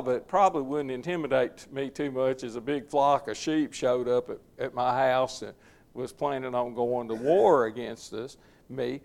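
Folksy man with a gravelly voice. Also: on the high side, a little mellow. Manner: folksy, conversational, chuckles often. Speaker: preacher leading a Bible study. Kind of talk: informal Bible teaching.

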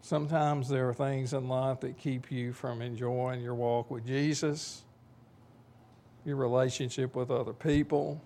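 An older man preaching an informal sermon in a folksy way, joking with his listeners and slowing down to stress key points. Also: medium pitch, steady tone, mellow. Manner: folksy, joking asides to the congregation; slows down and rises to stress key words. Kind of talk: informal sermon with a told joke.

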